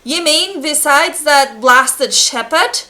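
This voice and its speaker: A woman voicing a gruff, aggrieved male village blacksmith in an attempted Scottish accent, spoken slowly. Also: high-pitched, expressive, sharp tone, pitched above the performer's own voice, exaggerated voice. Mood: grumbling.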